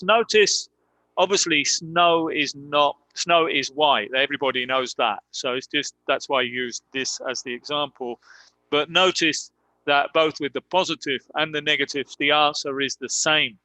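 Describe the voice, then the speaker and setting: A man teaching an English grammar class online, explaining slowly with many ums and modelling example sentences aloud. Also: on the high side, pushed and bright, no echo. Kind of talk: live online grammar lesson.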